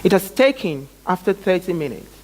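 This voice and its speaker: A man giving a talk as a guest speaker, telling a personal story with emphatic, dramatic pauses and big swings in pitch and loudness. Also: very animated, poor audio.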